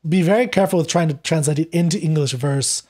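A man talking as a podcast guest, retelling a play in a lively conversational way and acting out the characters' lines as he goes. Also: fairly high pitch, fast talker. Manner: animated, acts out quoted lines while retelling. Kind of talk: conversational literary discussion.

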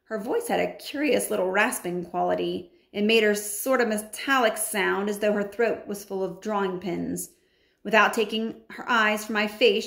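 A woman reading a children's novel aloud with expressive delivery, breaking in with chatty asides. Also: medium pitch, gravelly. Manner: animated, adds chatty comments. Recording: roomy echo.

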